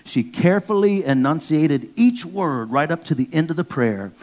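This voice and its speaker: A man's voice: on the high side, expressive, normal speed, darkish tone. A man preaching a casual sermon, slangy and joking, talking straight to the congregation. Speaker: pastor.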